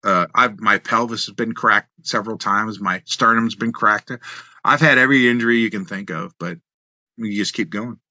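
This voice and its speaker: A man, a former wrestler, telling road stories in an animated way on a podcast, full of restarts and quoted dialogue. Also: on the low side, moderate pace, dry recording, muffled recording. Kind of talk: casual storytelling in a podcast interview.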